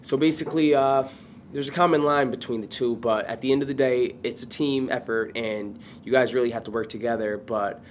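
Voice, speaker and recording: A man's voice: medium pitch, fairly even intonation, a little fast, slight background noise. A man in casual chat, opinionated and explaining things in a matter-of-fact way.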